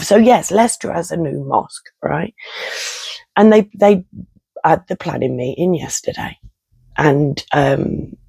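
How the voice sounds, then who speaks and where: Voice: mid-range voice, gravelly, mellow, husky, no echo. A vlogger, delivering an angry, swearing rant straight to camera. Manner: heated, swearing, blunt. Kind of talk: angry ranting monologue to camera.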